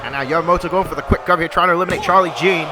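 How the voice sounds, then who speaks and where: A man giving excited play-by-play commentary on a video game wrestling match, shouting at the big moves and talking to the folks watching. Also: fairly high pitch, very fast. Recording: loud game music and crowd noise behind. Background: video game wrestling crowd and music.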